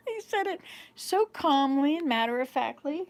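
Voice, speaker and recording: This fifties-aged vlog host has a voice that sits high, animated and a little slow. She talks casually to a small camera, wandering through stories about home and laughing often.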